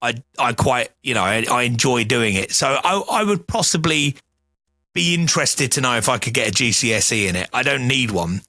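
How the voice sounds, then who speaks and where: A man's voice: medium pitch, big pitch swings, moderate pace, bright, forceful tone, no room sound. A man who works as a radio presenter, chatting in a friendly, self-deprecating way on a podcast. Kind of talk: casual chat.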